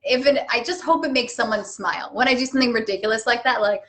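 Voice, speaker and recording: A woman actor chatting casually on a live stream, telling animated stories and laughing at herself. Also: fairly high pitch, quick pace. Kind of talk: casual chat. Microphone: webcam on a live stream.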